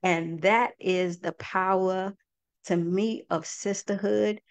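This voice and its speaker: A woman's voice: medium pitch, steady tone, slow, dry recording. A woman hosting a group talk for an online audience, speaking in a heartfelt, folksy way and often calling her listeners "y'all". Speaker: host and project founder.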